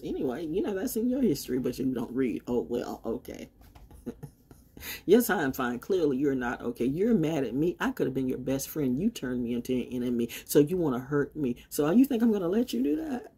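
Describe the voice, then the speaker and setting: A woman in her sixties giving a defiant, rambling monologue, swinging from loud outbursts to low mutters. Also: husky. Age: 60s. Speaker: vlogger. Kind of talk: unscripted monologue.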